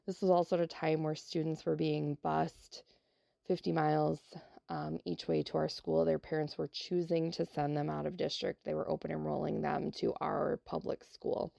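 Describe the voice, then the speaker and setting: Gravelly, low-voiced woman telling a story. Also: level tone, normal speed, dark tone, no echo, studio quality. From South Dakota, USA. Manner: heartfelt and emotional, with many fillers. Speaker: elementary teacher. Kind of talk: personal storytelling on a podcast.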